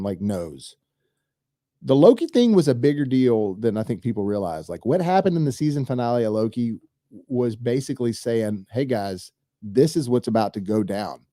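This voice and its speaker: A man's voice: mid-range voice, mellow, dry recording, clean studio sound. A man hosting a movie news show, talking casually and at length straight to his viewers, rambling and enthusiastic. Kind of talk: casual solo commentary.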